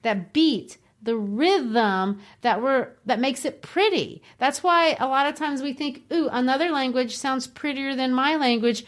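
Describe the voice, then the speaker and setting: A woman's voice: high-pitched, unhurried, hardly any pauses. A middle-aged woman co-hosting a literature podcast, explaining verse rhythm like a teacher and tapping out the beats. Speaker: podcast co-host. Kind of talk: casual literature discussion.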